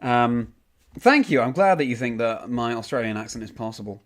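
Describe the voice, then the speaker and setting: A man's voice: mid-range voice, expressive, moderate pace. A young man streaming a game, casually reading out and answering chat messages with frequent ums. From United Kingdom.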